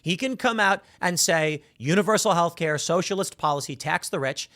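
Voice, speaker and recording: A man hosting a solo political commentary, animated and sarcastic, acting out little voices to make his points. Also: on the high side, normal speed, hardly any pauses.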